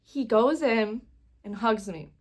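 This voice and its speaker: A woman's voice: fairly high pitch, takes it slowly, darkish tone. A young woman telling a concert story in a casual vlog, gushing and rambling with lots of fillers, sometimes close to tears. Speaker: vlogger.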